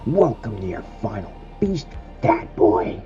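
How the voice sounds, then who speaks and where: A man voicing a cruel, hulking male wolf-beast monster in a horror story, deep and taunting. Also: big pitch swings, measured pace, dull audio, over music. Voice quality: deep, gravelly, macho. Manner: taunting, mocking.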